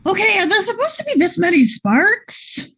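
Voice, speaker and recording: A woman playing a tabletop game in character, excitable and tripping over her words. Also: very high voice, normal speed. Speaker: player.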